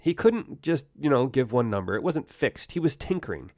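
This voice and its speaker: A man hosting a solo podcast on science history, telling it conversationally with wry jokes and quick asides. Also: medium pitch, sing-song, darkish tone, dry recording, studio quality. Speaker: podcast host.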